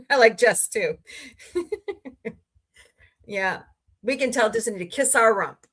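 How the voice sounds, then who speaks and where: A woman's voice: on the high side, lively intonation, slow, a bit bright, breathy edge. A woman hosting a casual livestream, greeting viewers by name and ranting about entertainment news. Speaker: livestream host. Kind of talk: casual chat with live chat readers.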